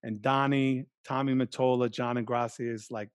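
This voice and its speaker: Man, 50s, podcast guest: salty, lively storyteller, mid pitch, dry sound. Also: moderate pace, few pauses, smooth, dry recording. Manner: profane, animated storyteller.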